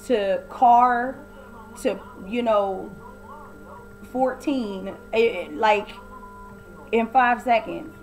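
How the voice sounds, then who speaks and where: A woman's voice: fairly high pitch, a little mellow, slight background noise, low-quality recording. A woman giving a casual, blunt and opinionated recap of a TV episode, often acting out the quoted lines. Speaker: TV recap vlogger.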